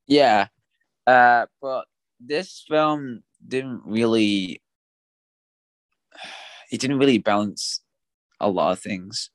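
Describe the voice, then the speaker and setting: A man's voice: medium pitch, extremely slow, pauses often, no room sound. A man co-hosting a podcast, chatting casually about a film, often stammering and repeating words as he talks. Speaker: podcast co-host. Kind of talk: casual film review chat.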